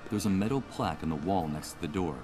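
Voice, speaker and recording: A man's voice: deep voice, fast talker, natural voice. An actor playing a wry, sardonic male protagonist in a video game, musing aloud over game music. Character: sardonic troubled man, protagonist. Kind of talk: video game voice acting, inner monologue.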